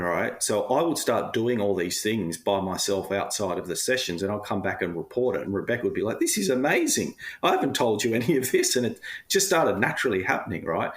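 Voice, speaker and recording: A man with a low, gravelly voice shares his story on a podcast. He talks in a candid, rambling way, full of "like" and "you know", and his voice softens with emotion at times. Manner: candid, rambling, frequent fillers, occasional laughs; emotional when talking about himself. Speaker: podcast guest. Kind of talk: casual personal storytelling.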